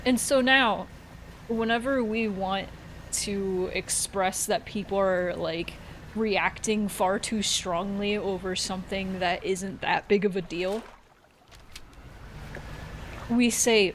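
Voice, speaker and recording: Slow-talking woman gaming streamer. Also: medium pitch, background noise. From Central Florida, US. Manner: rambling storyteller, swears, laughs at herself. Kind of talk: casual gameplay commentary.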